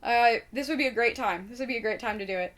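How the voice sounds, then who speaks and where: A young woman from Indiana chatting casually to camera in a rambling, sweary way, full of fillers and sudden loud outbursts. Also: a little high, fast. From Indiana, United States. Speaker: vlogger.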